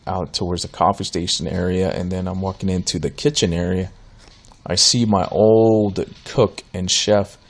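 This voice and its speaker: A man's voice: low voice, vocal fry. A man in his thirties hosting a solo podcast, telling a story in a casual, rambling way with many fillers and restarts. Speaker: podcast host.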